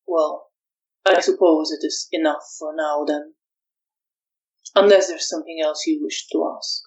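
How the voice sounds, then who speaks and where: A woman voicing an old male vampire sorcerer who speaks calmly and formally. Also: low-pitched, slow pace, pauses often, low-quality recording. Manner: calm, clipped, formal.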